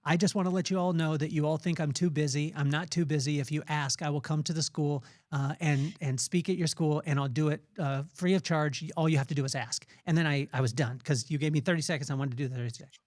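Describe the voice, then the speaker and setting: A man's voice: on the high side, fairly even intonation, quick pace, hardly any pauses, darkish tone, dry recording, clean studio sound. A man hosting a podcast, telling a rambling personal story with many restarts. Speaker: podcast host. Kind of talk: casual interview chat.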